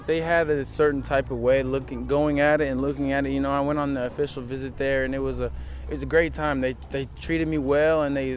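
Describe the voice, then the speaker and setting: Teen football player, loose rambling talk. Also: male voice, medium pitch, slight background noise. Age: teens. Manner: relaxed, rambling, many fillers. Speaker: high school football player. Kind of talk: casual interview. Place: outdoors at a football field.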